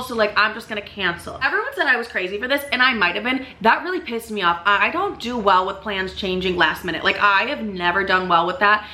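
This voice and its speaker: A young woman vlogging a casual storytime, animated and full of "like" and swearing. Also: medium pitch. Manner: swears a lot, animated, fills with "like".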